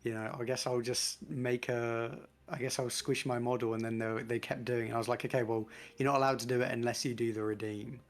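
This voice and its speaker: A man's voice: medium pitch, level tone, fairly quick, few pauses. A man who streams and is a guest player, chatting easily before a tabletop session. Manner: easygoing, chatty. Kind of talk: casual chat.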